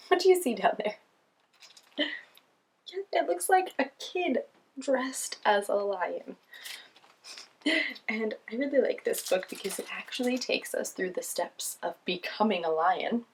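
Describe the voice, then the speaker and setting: A woman's voice: mid-range voice, vocal fry, a little hiss or hum. A woman hosting a children's show, reading picture books aloud in a cheerful, sing-song way with frequent laughs.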